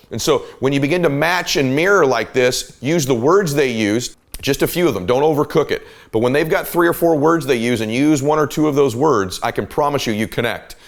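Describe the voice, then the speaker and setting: A middle-aged man hosting a podcast, giving an emphatic, coaching motivational talk about listening. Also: medium pitch. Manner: emphatic, coaching, shifts volume and pace to illustrate. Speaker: podcast host.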